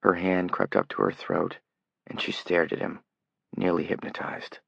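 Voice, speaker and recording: Male narrator, gravelly, husky, scripted narration, dull recording. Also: low voice, big pitch swings, normal speed, fairly bright tone, no room sound. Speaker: audiobook narrator.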